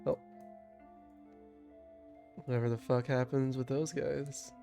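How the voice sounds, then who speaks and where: Young man, game master, mellow voice, relaxed loose narration, fillers and restarts, faint music behind. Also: mid-range voice, slow pace, gravelly. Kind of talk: casual tabletop game narration.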